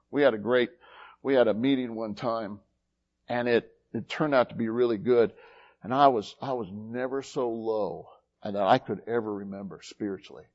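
A man preaching a folksy sermon as pastor, with sudden rises and drops in loudness. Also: mid-range voice, muffled recording. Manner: folksy, animated preaching with big swings in loudness.

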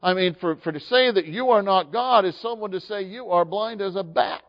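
A male pastor preaching a sermon in an animated way, swinging from hushed asides to emphatic, acted-out dialogue, recorded in a church sanctuary. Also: high-pitched, moderate pace. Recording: dull lo-fi sound with long hall reverb.

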